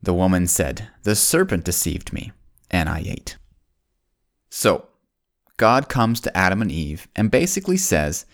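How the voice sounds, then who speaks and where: A man narrating a Bible story for children, folksy and speaking straight to the kids, slowing down and dropping his voice on solemn points. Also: big pitch swings. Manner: slows down and drops low on solemn points.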